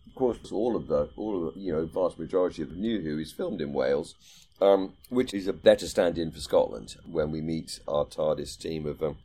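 A man's voice: rumbling low, brisk, dark tone, slightly rough. A man co-hosting a podcast in casual, rambling chat, thinking aloud with plenty of ums and restarts. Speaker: podcast co-host.

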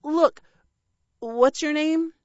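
A woman's voice: sits high, drawn-out words, darkish tone, no echo, muffled recording, pitched above the performer's own voice. A woman voicing an earnest, bumbling young male dragon who speaks in a flustered, grandly heroic way in an audiobook reading.

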